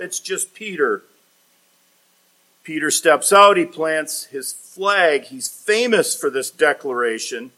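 A man's voice: fairly high pitch, expressive, unhurried. A man preaching a sermon, emphatic and expository, rising in force when he voices the words of the text. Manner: emphatic preaching, rising loud for quoted lines; expository, reads commentary aloud. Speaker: pastor.

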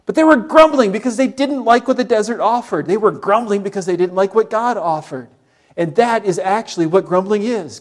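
Animated preacher man, lively delivery. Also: sits high, normal speed. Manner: animated, acts out quoted grumbling voices. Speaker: pastor. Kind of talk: sermon.

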